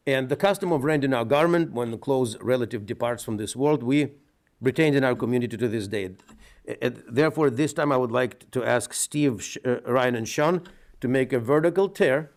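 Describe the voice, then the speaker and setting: A middle-aged rabbi with a Russian accent gives a funeral eulogy. He talks in an earnest, measured way, telling a story and sometimes restarting his sentences. His voice sits at a mid pitch for a man. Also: a little mellow.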